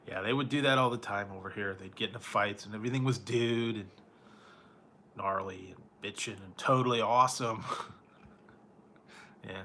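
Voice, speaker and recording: A food vlogger speaks with his live viewers in a lowish, bright, forceful voice, keeping a measured pace and pausing often over a little hiss or hum. His manner is relaxed, full of chuckles and playful surfer-dude mimicry.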